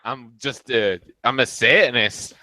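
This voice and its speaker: Man, bright and forceful, dry close sound; teasing interrogator in casual chat. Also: medium pitch, unhurried, dry recording. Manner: mocking, interrogating, laughing. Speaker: voice chat participant.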